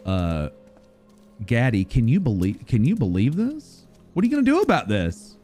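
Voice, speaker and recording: A man's voice: medium pitch, huge pitch swings, moderate pace. Playful rambling male game streamer. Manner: playful, rambling, swings between loud outbursts and mumbling. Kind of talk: live game stream chat. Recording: faint music behind the voice.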